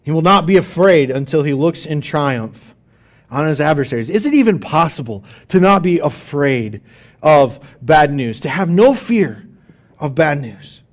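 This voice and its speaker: A pastor with a high voice for a man delivers a sermon in a chatty, animated way. He asks the congregation questions and acts out little scenes in quoted voices. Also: measured pace. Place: church sanctuary.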